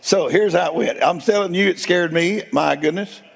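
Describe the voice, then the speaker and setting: A man preaching in a folksy storytelling way, laughing often and swinging between loud and hushed. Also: high voice, moderate pace, gravelly, big-room sound. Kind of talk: storytelling sermon.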